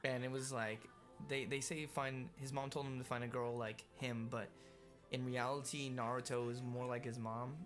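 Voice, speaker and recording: A young man co-hosting a casual podcast, talking in a relaxed, earnest way with lots of filler words. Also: medium pitch, moderate pace, soft background music. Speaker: podcast co-host. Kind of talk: casual chat.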